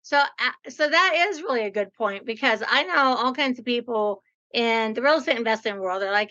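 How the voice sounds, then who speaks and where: A woman's voice: a little high, animated, normal speed, sharp tone, dull audio. A woman in her sixties hosting a podcast interview, chatty and playful, with a lot of "like". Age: 60s. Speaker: podcast host. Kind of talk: casual interview.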